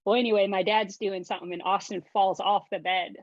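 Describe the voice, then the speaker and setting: A woman's voice: medium pitch, steady tone, a little fast, no echo. A woman on a podcast, chatting and telling stories in a casual way. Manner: chatty storytelling. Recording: dull dry lo-fi audio.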